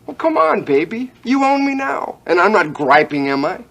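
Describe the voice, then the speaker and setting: Persuasive scheming boyfriend in an 80s soap. Light, raised voice. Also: male voice, sits high, sing-song, moderate pace, vocal fry, a bit bright, full character voice. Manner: coaxing, persuasive. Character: smooth-talking scheming boyfriend, Clipper. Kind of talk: 1980s TV soap opera acting.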